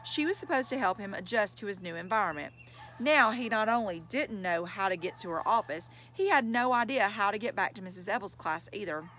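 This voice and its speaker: A woman narrating a children's chapter book in a measured, clear storytelling manner. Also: medium pitch, animated, fairly bright tone, slight background noise. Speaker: audiobook reader.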